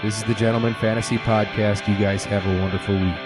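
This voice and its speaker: Low-voiced man hosting a casual podcast. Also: level tone, fast, over loud music. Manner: rambling storyteller with many fillers. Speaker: podcast host. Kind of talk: casual chat.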